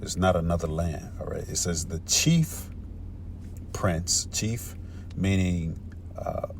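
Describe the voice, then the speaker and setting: A man's voice: sits low, slow, creaky, a little hiss or hum. A man teaching from scripture in a heated, profane, casual way, calling the listener "man" and "bro". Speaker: street-style scripture teacher.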